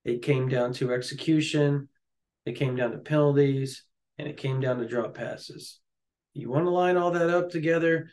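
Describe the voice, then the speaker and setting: A man co-hosting a casual sports chat, jokey and excitable, often laughing. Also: medium pitch. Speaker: sports podcast co-host.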